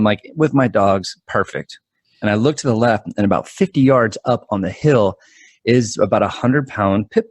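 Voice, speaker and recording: A man in his forties, a guest mental performance coach, telling stories in an animated, quick-talking way with frequent restarts. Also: fairly low pitch, no echo. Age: 40s. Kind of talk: conversational storytelling.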